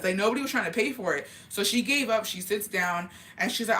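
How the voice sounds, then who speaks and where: A woman's voice: medium pitch, a bit bright. A woman telling a story to her viewers as casual gossip, heated and full of swearing. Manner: profane, heated, rapid retelling.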